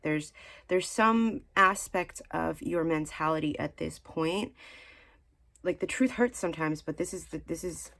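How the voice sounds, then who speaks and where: A woman giving a casual spiritual tarot reading, chatty and rambling with many fillers and restarts, earnestly nudging the listener. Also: low voice. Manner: earnest, mildly scolding encouragement. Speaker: tarot card reader.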